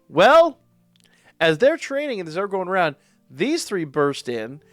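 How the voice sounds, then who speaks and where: A man's voice: sits high, unhurried, dry recording, soft background music. A man hosting a manga reaction channel, talking casually and with enthusiasm, often tripping over and repeating his words. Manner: enthusiastic, rambling, repeats words when excited. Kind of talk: casual reaction and review chat.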